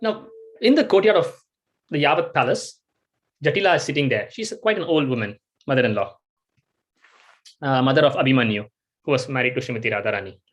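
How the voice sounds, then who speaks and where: A man giving a devotional storytelling talk, animated and acting out the scenes he tells. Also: mid-range voice, a little fast, long pauses. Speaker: devotional speaker.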